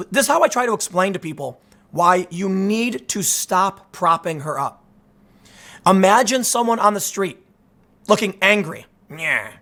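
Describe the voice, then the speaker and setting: Speaking in a high-pitched, fairly bright voice, a thirtysomething man hosts a political commentary show. His monologue is loose and sarcastic, full of false starts and side remarks.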